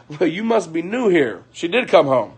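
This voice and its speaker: A man's voice: fairly high pitch, husky. A man ranting casually on a livestream at home at night, profane and heated, repeating himself and breaking into laughter.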